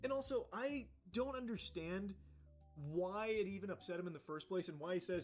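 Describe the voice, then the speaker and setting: A man's voice: sits high, fast. A man giving blunt, ranting video commentary and swearing as he goes.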